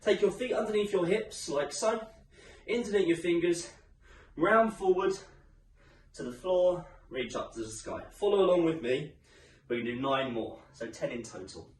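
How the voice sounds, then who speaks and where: Man, fitness instructor, encouraging, slightly out of breath, fairly high voice, echoey room. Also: moderate pace, a little mellow, a little hiss or hum. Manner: upbeat, encouraging, chatty coaching. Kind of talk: home workout instruction. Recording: echoey room, mic some distance away.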